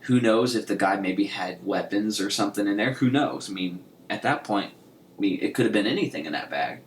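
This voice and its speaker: A man co-hosts a podcast in casual chat, rambling through stories with many restarts and bursts of laughter. His lowish voice is expressive and a little fast, recorded in an echoey room with faint hiss.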